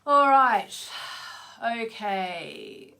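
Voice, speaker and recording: A woman's voice: on the high side, expressive, drawn-out words, pushed and bright. A woman astrologer talking to her viewers in a casual, rambling vlog, full of asides. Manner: chatty, rambling, many asides. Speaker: astrologer hosting her own channel.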